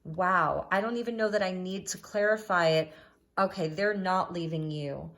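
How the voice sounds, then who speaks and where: A woman giving a spiritual tarot reading to camera, speaking gently and reassuringly with frequent "um" fillers, recorded on a phone. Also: lowish voice, normal speed. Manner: gentle, affirming, many "um" fillers. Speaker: tarot reader.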